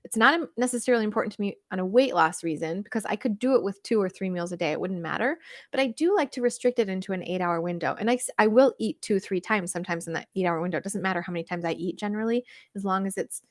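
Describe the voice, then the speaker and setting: A woman coach chatting through a livestream Q&A, reading viewer comments and answering in an animated, laughing way with lots of fillers. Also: medium pitch, fast talker, dry recording, clean studio sound. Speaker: weight-loss coach.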